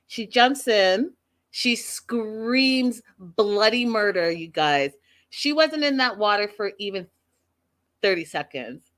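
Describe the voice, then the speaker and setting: A woman hosting a casual recap of a reality show, chatting in an animated, gossipy storytelling way. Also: medium pitch, slow. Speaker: show host.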